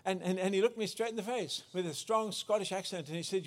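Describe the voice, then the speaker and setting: A man's voice: sits high, quick pace, few pauses. A man preaching a sermon as pastor, earnest, often restarting and correcting himself.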